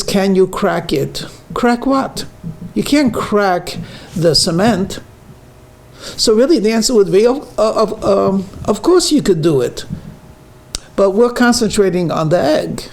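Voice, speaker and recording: A man with a high voice gives a rabbi's weekly lecture, mixing a joke into his teaching. He leans hard on certain words and drifts through fillers and restarts as he tells the story. A faint hiss of noise sits under the recording. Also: gravelly. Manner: storytelling, stresses words for emphasis, frequent fillers. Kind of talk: sermon with jokes and teaching.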